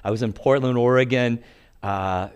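Older male pastor, animated storyteller with a joking sermon delivery. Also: medium pitch, normal speed, clean tone. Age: 60s.

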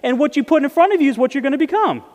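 Guy pastor giving a sermon, pretty high voice, lots of "you see what im saying", hall reverb. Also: expressive, rapid-fire, a little mellow. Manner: conversational, asks the audience often.

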